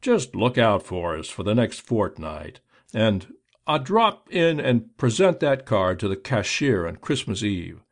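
Guy reading as a suave gentleman crook, smooth, persuasive, confident. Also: fairly low pitch, very animated, a little slow. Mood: smooth bluff.

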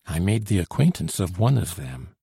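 A man reading aloud the lines of a young female aristocrat in hiding, formal and gentle. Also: sits low, sing-song, normal speed, vocal fry, breathy edge, no room sound, studio quality, exaggerated voice. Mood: earnest.

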